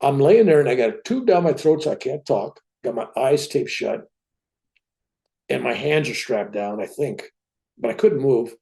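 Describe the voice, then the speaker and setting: A man's voice: mid-range voice, animated, moderate pace, vocal fry, mellow. An older man telling a personal story as an interview guest, acting out the dialogue as he goes.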